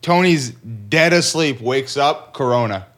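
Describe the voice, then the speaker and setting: A man co-hosting a podcast in casual chat, excitable and laughing often. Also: medium pitch, a little slow. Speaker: podcast co-host.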